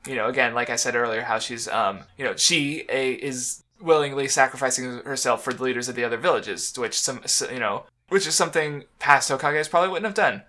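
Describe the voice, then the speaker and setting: A man co-hosting a casual podcast about comics. His voice is bright and forward, sitting at an average pitch. He rambles and restarts often and breaks into laughter as he talks. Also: brisk, hardly any pauses. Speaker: podcast co-host. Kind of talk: casual chat about manga.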